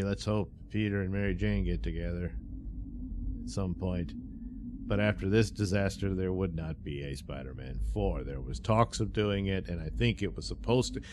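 A man's voice: on the low side, a little mellow, slight background noise. A man giving a casual, rambling film review, full of fillers, chuckles and sarcastic asides. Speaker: movie reviewer.

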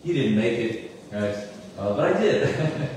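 A man in his forties who tells a story to an audience, animated, with many fillers and asides. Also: medium pitch, slow pace. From United States. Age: 40s. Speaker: musician giving a talk. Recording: echoey hall, mic at a distance, faint room noise.

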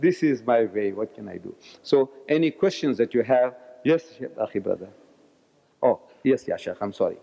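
A man in his seventies giving a public lecture, talking loudly and forcefully in a roaring way. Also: mid-range voice, animated, normal speed, vocal fry. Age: 70s. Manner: loud, forceful, roaring delivery. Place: large lecture hall. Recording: echoey hall, dull lo-fi archive recording.

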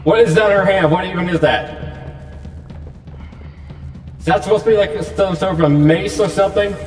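A man's voice: sits high, moderate pace, darkish tone, echoey room, in a large hall, recorded from a distance, soft background music. A man nervously commenting while playing a horror game, repeating himself as he frets. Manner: anxious, repetitive muttering. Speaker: gaming YouTuber.

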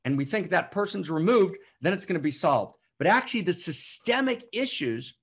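A man giving impassioned spiritual teaching, emphatic and repetitive, swinging from loud declarations to hushed, slow passages. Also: high-pitched, big pitch swings, breathy edge. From United States. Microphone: online broadcast to a live chat.

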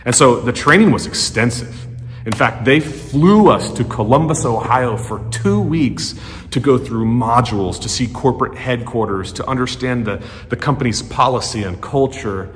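A man preaching in a relaxed, storytelling way, his pitch sitting in an everyday middle range. He gets animated and acts out little quoted lines. His voice trails off into a long reverb. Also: normal speed, a little hiss or hum. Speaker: pastor. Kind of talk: sermon. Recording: long church-hall reverb.

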